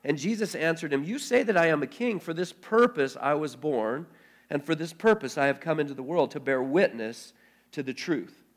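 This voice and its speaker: A man pastor reading scripture aloud, then preaching in a halting way, often repeating words as he thinks aloud. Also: fairly high pitch, lively intonation.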